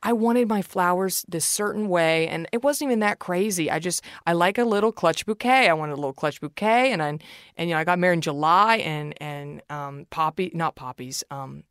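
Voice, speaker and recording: A woman's voice: on the low side, moderate pace, no echo. A woman in a casual podcast chat, venting with blunt swearing and self-mockery. Her delivery is emphatic and frank. The sound is close and dry, with no room around it.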